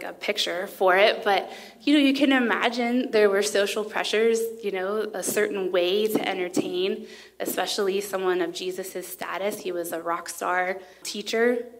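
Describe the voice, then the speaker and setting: A woman speaking at a women's conference, giving a sermon in a conversational tone with frequent filler words. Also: mid-range voice. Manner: reads scripture passages aloud.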